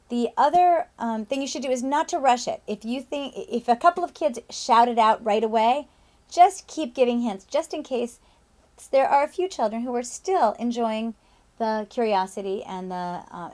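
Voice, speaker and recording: A woman teacher with a bright, fairly high voice that swoops all over the place. She talks in a playful, sing-song way and breaks into dramatic sound effects as she demonstrates. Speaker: teacher demonstrating a classroom method.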